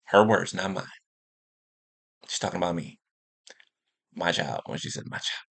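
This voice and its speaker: Emphatic man preaching with a bright tone. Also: low voice, moderate pace, vocal fry, breathy edge. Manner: emphatic, repeats phrases, keeps asking "right?" and "okay?". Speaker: spiritual speaker. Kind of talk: impassioned spiritual monologue.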